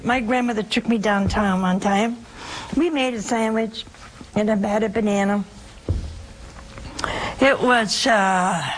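A woman hosting a call-in show as a religious sister, giving emphatic spiritual advice with wide swings in pitch. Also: slight background noise, poor audio.

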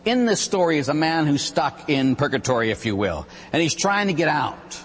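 A Catholic priest preaches with a lively, swooping delivery and a husky, somewhat high voice. He moves through stories and points energetically, and his words ring in a reverberant hall. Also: moderate pace. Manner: animated storytelling preacher. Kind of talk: sermon.

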